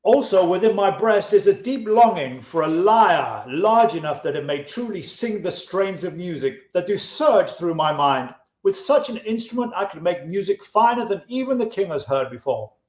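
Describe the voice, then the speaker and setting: A man's voice: sits high, expressive, normal speed, hardly any pauses, darkish tone, pitched above the performer's own voice. A man reading Kobbi, a wistful poor musician. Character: adult male lyre player, poor and wistful. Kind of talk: audiobook-style reading of a classic. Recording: roomy echo.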